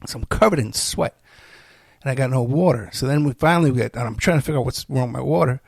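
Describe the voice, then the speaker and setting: Gravelly, weary middle-aged man rambling. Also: mid-range voice, fast talker, darkish tone, no echo. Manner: rambling, weary, self-deprecating joking. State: tired, unwell. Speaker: podcast host. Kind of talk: casual solo monologue.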